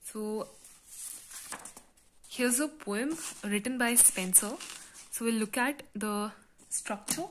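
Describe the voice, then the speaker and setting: A woman teaching a literature class, explaining step by step in a patient lecture style with frequent pauses and fillers. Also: on the high side, a little hiss or hum.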